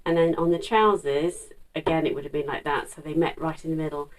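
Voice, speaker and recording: A middle-aged woman talks casually to camera about her sewing. Her voice sits low, and she rambles along with fillers and restarts. The mic is set a little away from her. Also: fairly even intonation, brisk, distant mic, rough recording. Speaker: sewing vlogger.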